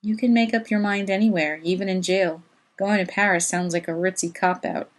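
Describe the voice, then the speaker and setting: A woman's voice: mid-range voice, fairly even intonation, a little fast, natural voice. A woman reading a novel aloud, voicing a tough young woman narrator who speaks in a blunt, matter-of-fact way. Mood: wry.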